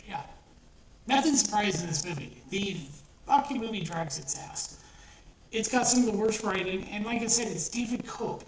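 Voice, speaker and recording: A medium-pitched woman swears and rants her way through a casual movie review, blunt and exasperated, with frequent restarts. Her voice comes across a bit distant from the mic in an echoey space with faint noise.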